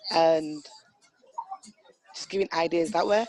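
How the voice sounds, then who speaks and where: A woman speaks as a guest on a team call, soft and hesitant as she offers an idea. Faint music sits in the background behind her voice. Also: lowish voice, steady tone, takes it slowly, poor audio.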